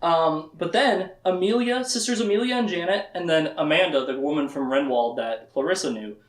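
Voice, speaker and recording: A man casually recapping a book's plot in a lecture, laughing often and acting out the characters' lines in quick asides. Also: a little high, echoey room. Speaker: book discussion host.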